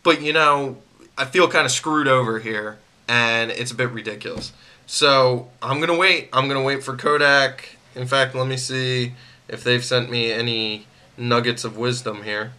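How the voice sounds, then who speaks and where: Man, angry, very bright voice, repetitive, stumbles and restarts, vlog rant. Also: mid-range voice, steady tone, normal speed. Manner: irritated, repetitive, stammering restarts. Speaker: vlogger. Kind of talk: venting straight to camera.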